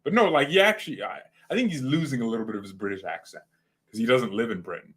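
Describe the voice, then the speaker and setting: A man's voice: mid-range voice, expressive, quick pace, husky. Rambling young man, casual football chat. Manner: rambling, slangy, jumps between topics. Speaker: fan channel host.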